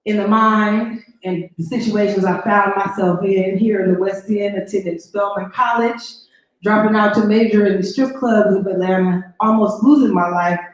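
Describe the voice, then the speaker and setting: A woman's voice: mid-range voice, fairly even intonation, moderate pace. A young adult woman, a musical guest, giving a rhythmic live spoken-word performance of repeated affirmations. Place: live event venue. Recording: very echoey live room with music.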